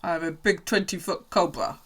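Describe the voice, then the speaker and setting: A woman's voice: fairly low pitch, brisk, fairly bright tone. A woman voicing her grumpy little male pet snake, who insists he is big and fierce in an indignant, mock-tough way.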